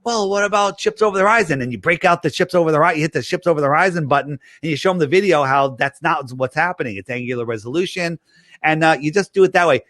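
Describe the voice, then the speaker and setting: A man chatting in a casual interview, telling animated stories, acting out the dialogue and rambling with many restarts. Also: mid-range voice, dry recording, studio quality. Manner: animated storyteller, acts out quoted dialogue. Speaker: interview guest promoting his app.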